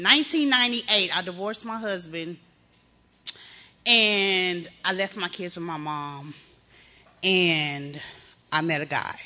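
A middle-aged woman from Texas giving a candid, animated personal testimony full of slang. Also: lowish voice. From Texas, USA. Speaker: speaker sharing recovery testimony.

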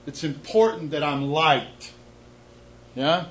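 Slow-talking middle-aged man giving candid testimony. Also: a little high, steady tone, fairly bright tone, low-quality recording. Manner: candid, self-deprecating, repeats words when starting a thought. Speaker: speaker sharing a recovery story. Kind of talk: personal testimony talk to an audience.

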